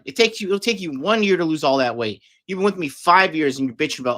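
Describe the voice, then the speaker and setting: A man's voice: fairly high pitch, expressive, fast talker, few pauses, sharp tone. A man hosting a livestream, talking casually and aggressively, swearing often and berating his viewers. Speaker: livestream host. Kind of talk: profane livestream rant.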